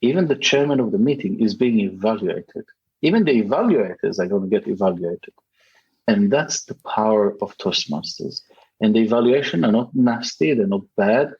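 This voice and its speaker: Emphatic husky man, English not his native tongue. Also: fairly low pitch, darkish tone, dull audio. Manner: emphatic, acts out quoted voices. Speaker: podcast guest, public speaking champion. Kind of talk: animated interview answers.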